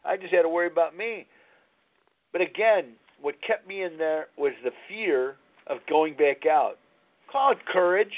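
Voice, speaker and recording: Host, man in his sixties, higher-pitched voice, candid rambling talk, tinny phone-line audio. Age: 60s. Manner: candid, rambling storytelling with frequent restarts. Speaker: radio show host. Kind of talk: live radio talk on recovery.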